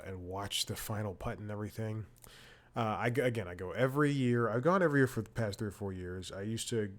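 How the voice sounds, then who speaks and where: A man hosting a comedy podcast who tells rambling personal anecdotes in a casual chat and corrects himself often as he goes. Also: lowish voice. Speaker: podcast host.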